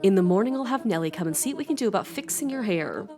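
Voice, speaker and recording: A woman's voice: medium pitch, animated, fast, faint music behind, lightly acted. A woman voicing a caring but stern mother in a story game. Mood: motherly. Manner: warm scolding, motherly.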